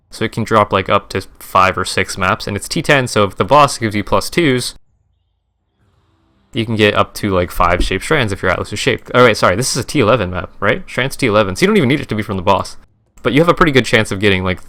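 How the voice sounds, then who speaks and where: A man's voice: lowish voice, pushed and bright. A young man, a streamer, casually recapping his game trades in a rambling, profane, self-correcting way.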